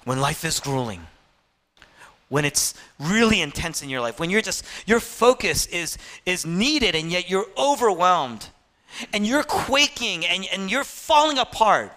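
A male pastor preaching an impassioned sermon, swinging between loud, urgent passages and hushed, quiet ones. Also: sits high, sing-song, a little slow.

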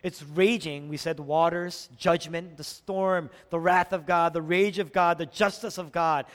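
A male pastor preaching a sermon, asking rhetorical questions and swinging from emphatic peaks to low, quiet lines. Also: steady tone, a little slow. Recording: long hall reverb.

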